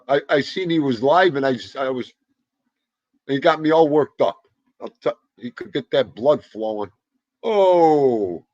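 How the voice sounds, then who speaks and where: In dull, lo-fi livestream audio with no room sound, a medium-pitched man in his fifties hosts a casual stream. He welcomes viewers individually and kids around with them.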